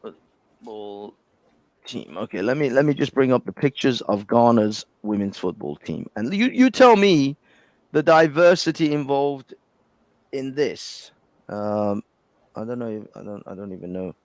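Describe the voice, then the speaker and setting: A man's voice: medium pitch, lively intonation, unhurried, dry recording. A man, co-hosting a podcast in heated casual chat, swearing and exasperated, often laughing through his points. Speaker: podcast co-host.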